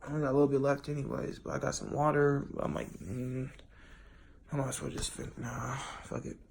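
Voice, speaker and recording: A man in a casual, rambling monologue, talking straight to his viewers, swearing freely and restarting often, with sudden jumps in loudness. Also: medium pitch, level tone, brisk, creaky, slight background noise. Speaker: vlogger.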